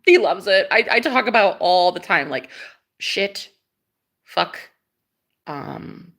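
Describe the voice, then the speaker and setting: A young woman coaching her viewers on twin flames in a casual vlog rant. She talks with sassy conviction and peppers her speech with profanity. Her loud laughs break up the lecture. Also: mid-range voice, lively intonation, takes it slowly.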